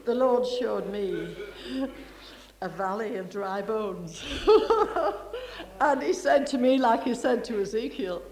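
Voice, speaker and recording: A woman tells a church testimony slowly, with a high voice that swings widely. She laughs easily between her sentences. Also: expressive, a little mellow. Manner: slow, laughing, storytelling. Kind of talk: spontaneous religious testimony.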